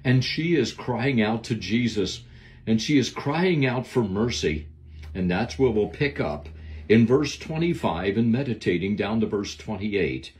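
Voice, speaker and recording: A man's voice: on the low side, lively intonation, a little slow, a little mellow. A man giving a devotional Bible lesson, preaching in an earnest, emphatic way. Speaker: Bible teacher.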